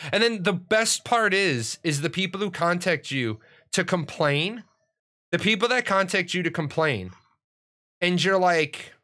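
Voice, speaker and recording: Middle-aged guy for a casual gaming stream: bright, forceful voice pitched a touch high, rambling and cussing. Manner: rambling and profane, with frequent restarts. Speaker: streamer and gaming network owner. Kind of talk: casual livestream chat.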